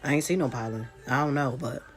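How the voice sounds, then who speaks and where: A woman's voice: a bass voice, quick pace, soft background music. A woman vlogger with a congested voice, telling a casual story straight to her viewers with chatty, folksy asides.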